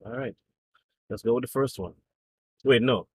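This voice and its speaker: Husky-voiced man hosting a podcast. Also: mid-range voice, moderate pace, no echo. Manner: relaxed, affirming with frequent short replies. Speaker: co-host. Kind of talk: casual podcast chat.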